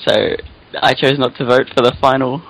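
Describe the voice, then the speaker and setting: A man in a casual podcast chat with a middle-pitched voice. He speaks slowly and hesitantly. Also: flat delivery, fairly bright tone, low-quality recording. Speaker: podcast co-host.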